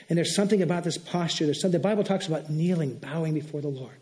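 A middle-aged male pastor preaching a sermon in an earnest, animated way, acting out sample prayers aloud. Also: a little high, racing, few pauses.

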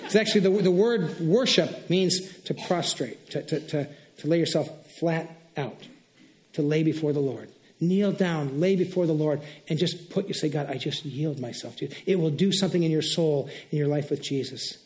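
High-voiced earnest male pastor preaching. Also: moderate pace. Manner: earnest, animated, modeling prayers aloud. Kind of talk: sermon.

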